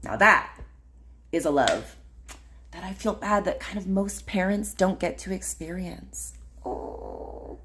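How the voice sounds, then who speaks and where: A woman talks unhurriedly to her audience in a loose, meandering livestream chat. Her voice sits on the lower side, and her sentences drift through fillers and restarts. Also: lively intonation, unhurried, fairly bright tone, a little hiss or hum. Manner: rambling, filler-heavy, frequent laughs and "like". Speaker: podcast host. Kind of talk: casual solo livestream chat.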